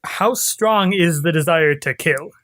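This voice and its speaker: A man's voice: fairly high pitch, measured pace, a bit bright, no echo, studio quality. A man playing a character in a tabletop game, answering with earnest, wry remarks. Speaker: player.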